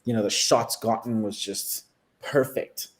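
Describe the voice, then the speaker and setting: A man from South Africa with a South African accent, a guest videographer telling animated stories in a casual interview and laughing often. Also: lowish voice, a little slow.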